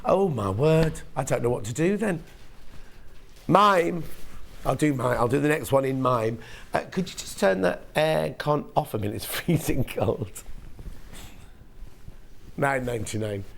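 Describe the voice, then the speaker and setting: A man's voice: mid-range voice, animated, a little slow, long pauses. A man hosting a live shopping channel show while losing his voice, chatting and joking with viewers. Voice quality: croaky, gravelly. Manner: chatty, self-mocking banter with viewers. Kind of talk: live sales presenting.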